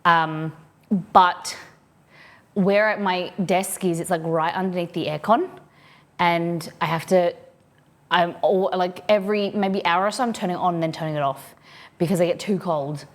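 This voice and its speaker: A chatty Australian woman with a slightly low voice talks casually to her viewers from her desk at home. She rambles and reads their messages aloud as she goes. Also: normal speed. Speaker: livestreamer.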